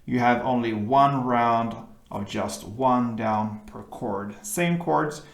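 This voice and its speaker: A man with a gravelly, creaky voice talks unhurriedly through an acoustic guitar tutorial. He explains each chord shape patiently, one step at a time. The room adds a noticeable echo around him. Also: mid-range voice, slow. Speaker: guitar teacher.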